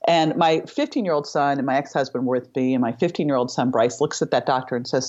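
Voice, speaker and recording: A woman's voice: rumbling low, fast, hardly any pauses, a little mellow, dull audio. A middle-aged woman guest on an interview show, telling a personal story vividly and acting out the dialogue. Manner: vivid storyteller who acts out quoted dialogue. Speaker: podcast guest.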